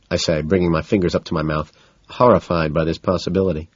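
A man reading a first-person novel aloud in a flat, detached manner. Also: sits low, fast talker, husky, dry recording, muffled recording. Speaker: audiobook narrator.

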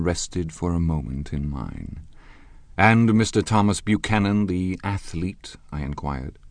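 A man reads a novel aloud in a measured, even way. His voice is very low and gravelly with a lot of fry. The sound is dry and close, with no room around it. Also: no room sound. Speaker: audiobook narrator. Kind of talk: scripted literary narration.

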